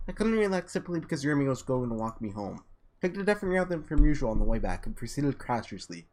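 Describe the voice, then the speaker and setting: A man with a slightly hoarse, under-the-weather voice reads a visual novel aloud with casual asides, sometimes tripping over and restarting words. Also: mid-range voice, sing-song, fast talker, a little mellow. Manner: casual, trips and restarts words while reading. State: voice a little sick, slightly hoarse. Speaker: let's player.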